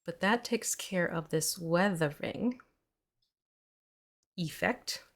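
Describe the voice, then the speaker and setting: A woman's voice: fairly low pitch, slow pace. A woman casually explaining miniature painting step by step on a live stream, chatty and giggly. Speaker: mini painting instructor. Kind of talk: casual instructional chat.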